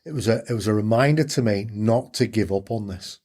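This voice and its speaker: A man's voice: on the low side, a little fast, darkish tone. A middle-aged man, telling his story candidly and earnestly as an interview guest, repeating phrases for emphasis.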